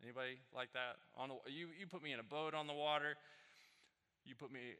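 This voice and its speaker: A male pastor delivers a sermon, his tone very bright and forward. He tells stories casually, climbing into animated bursts. The sound carries a long hall reverb. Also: medium pitch, fairly quick, clear, resonant tone. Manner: conversational storytelling, animated peaks. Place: church sanctuary.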